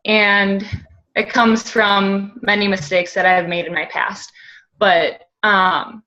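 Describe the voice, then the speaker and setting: A woman sharing personal thoughts on a group video call, speaking slowly and with emotion. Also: medium pitch, flat delivery, pushed and bright. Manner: slow, emotional, tearful at times. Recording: dull lo-fi video call audio.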